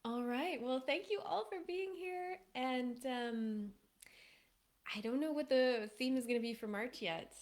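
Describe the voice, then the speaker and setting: A woman giving relationship advice to a live audience in a casual, animated way, laughing often and acting out little quoted voices. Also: sits high, measured pace. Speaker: relationship coach hosting a live stream.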